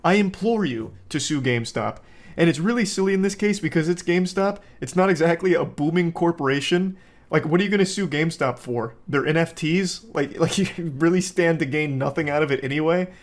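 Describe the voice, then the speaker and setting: A man's voice: a little high, brisk. A man giving profane comedic commentary as a YouTuber, ranting with sarcastic exasperation and mocking people in put-on voices.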